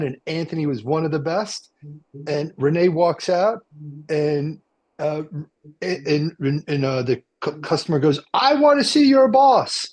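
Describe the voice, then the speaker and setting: A man's voice: a little high, a little mellow. A man hosting a radio talk show from a car dealership, rambling and joking with plenty of fillers and restarts. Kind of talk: casual chat.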